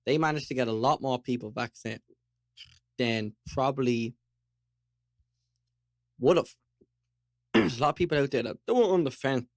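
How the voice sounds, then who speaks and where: A man's voice: mid-range voice, normal speed, pauses often, dry recording. Irish man ranting over chat, dry mic. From Ireland. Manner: animated, ranting, chewing toffee while talking. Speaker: podcast co-host. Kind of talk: casual chat.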